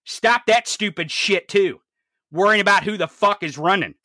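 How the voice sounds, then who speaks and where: A commentator delivering an angry, profanity-heavy political rant, swinging from low growls to shouts. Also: normal speed, dry recording, studio quality.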